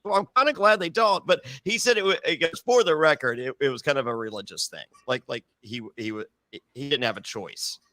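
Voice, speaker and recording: A man co-hosting a casual recap podcast, animated and laughing often as he acts out quotes. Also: medium pitch, brisk, hardly any pauses, no echo. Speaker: podcast co-host.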